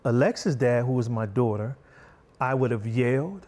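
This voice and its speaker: A middle-aged man speaking in a mellow, relaxed tone as a guest. He tells personal stories at an even, middling pitch and brings them alive by acting out what people said. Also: moderate pace. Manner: animated, acts out quotes with a raised pitch. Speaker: guest, author. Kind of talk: storytelling in a conversation.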